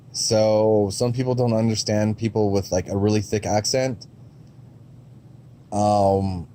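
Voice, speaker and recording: A man's voice: on the low side, mellow, slight background noise. A man giving a casual, rambling review of movie trailers, with frequent ums and restarts and a blunt, sometimes profane way of talking.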